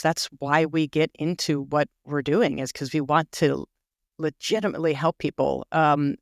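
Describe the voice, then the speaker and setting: A woman's voice: deep voice, no room sound, clean studio sound. A woman hosting a podcast, a healthcare provider herself, reacting encouragingly to her guest in casual talk. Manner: encouraging, quick asides. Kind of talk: casual interview conversation.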